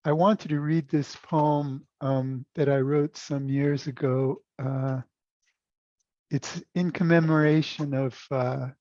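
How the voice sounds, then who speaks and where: A man's voice: a little high, steady tone, slow, darkish tone, no echo. A man introducing his poem in an earnest, hesitant way, on a dull, lo-fi recording. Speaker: poet. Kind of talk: poetry reading introduction. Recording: dull, lo-fi dry audio.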